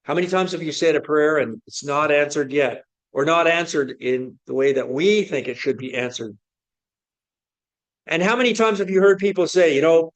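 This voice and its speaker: A man's voice: on the high side, moderate pace, lo-fi sound. A man preaching a sermon, asking many rhetorical questions in an earnest, searching way.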